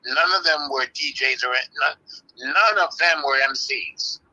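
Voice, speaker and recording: An older man, calmly and firmly explaining history as an interview guest. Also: fairly high pitch, low-quality recording. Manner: firm, measured, explaining insistently. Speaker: interview guest, early hip-hop practitioner. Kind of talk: live online interview.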